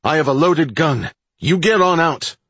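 A man voicing a frightened young man cornered in the dark, shouting in a strained voice. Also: fairly high pitch, animated, measured pace, breathy edge, no room sound, pitched above the performer's own voice, full character voice. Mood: panicked.

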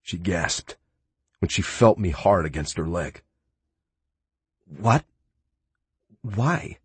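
A man's voice: sits low, unhurried, husky, no room sound. A man giving first-person audiobook narration in a sarcastic, playful and brash manner.

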